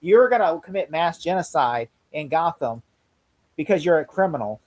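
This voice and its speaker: A man co-hosting a casual chat about a TV episode, rambling and excitable with many restarts. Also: a little high, normal speed, poor audio. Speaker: podcast co-host. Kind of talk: casual show review chat.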